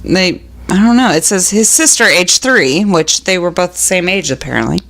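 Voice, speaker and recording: A woman's voice: fairly low pitch, normal speed, gravelly. A young adult woman co-hosting a podcast, reading listener stories aloud in a casual, amused way and laughing often. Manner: laughs often, animated, acts out children's voices. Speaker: podcast co-host.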